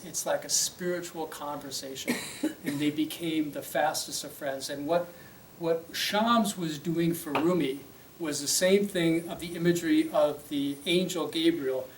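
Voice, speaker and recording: A man's voice: fairly high pitch, far from the mic. Brief: male teacher, casual storytelling lecture, roomy hall, faint background noise. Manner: conversational, with fillers and check-ins. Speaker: religious teacher.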